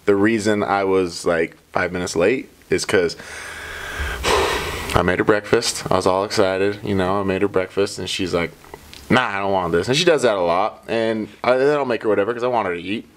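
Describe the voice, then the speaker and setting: A man hosting a podcast in casual chat, telling a story in a lively way and acting out what others said. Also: lowish voice, moderate pace. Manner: animated storyteller who acts out quoted dialogue. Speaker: podcast host.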